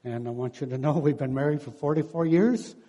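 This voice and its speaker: A man's voice: fairly high pitch, brisk, mellow, dull audio. A man in his sixties giving a sermon, telling stories and acting out what people said, with frequent chuckles. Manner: storytelling, acts out quotes, chuckles often. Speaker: preacher and counselor. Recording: long hall reverb.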